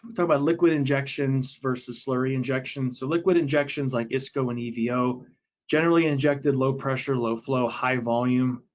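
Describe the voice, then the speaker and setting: Man presenting a technical webinar, lo-fi. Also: medium pitch. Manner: casual, explanatory, many fillers and restarts. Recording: dull, lo-fi audio.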